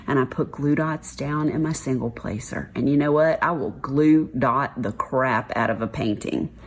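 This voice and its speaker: Texan woman, craft vlog chat, low voice, unhurried, rambling and frank. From Texas. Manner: rambling, frank, uses y'all and mild swearing. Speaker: craft vlogger. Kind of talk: casual chat while diamond painting.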